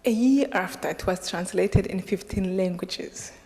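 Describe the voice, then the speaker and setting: A woman from Rwanda, giving an animated public talk as a guest speaker and laughing often. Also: mid-range voice, unhurried. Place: large hall with an audience. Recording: long reverb of a large lecture hall.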